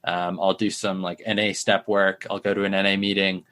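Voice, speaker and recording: Young male founder in recovery, candid and rambling, fillers throughout, fairly low voice. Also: flat delivery, normal speed, bright, forceful tone. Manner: rambling, heavy use of "like" fillers. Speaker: startup founder in addiction recovery. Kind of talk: candid interview answers.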